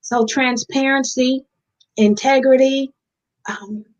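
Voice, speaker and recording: High-voiced earnest woman. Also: steady tone, slow pace, rough recording. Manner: earnest, heartfelt, addresses listeners as y'all. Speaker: guest in recovery. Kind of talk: candid interview talk.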